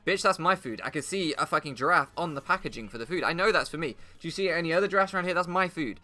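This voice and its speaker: A man's voice: fairly high pitch, fast, bright, forceful tone, soft background music. A man voicing a rude, greedy male giraffe that demands its food with crude swearing, told as a bit inside a gaming story.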